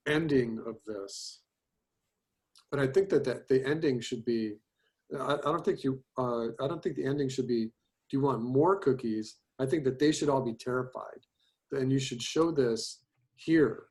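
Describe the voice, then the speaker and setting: With a medium-pitched, darkish voice, this man critiques student storyboards in an online class. As the instructor, he rambles chattily, with lots of fillers and restarts, heard through a video call mic.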